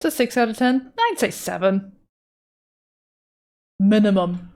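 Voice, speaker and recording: An art streamer reads chat while she draws, talking casually in an animated, mid-range voice that is a little slow and a little mellow. She swears freely and riffs on whatever comes up, her patter loose and unpolished like someone only half-focused on the canvas.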